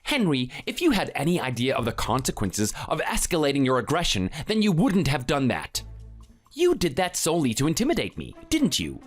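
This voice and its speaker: An indignant family man, voiced by a man in a texting story. His fairly high voice swings widely as he confronts a bully. Faint music plays underneath. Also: wildly swooping pitch, brisk. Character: Italian-born family man standing up to a bully. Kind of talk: text-to-speech texting story.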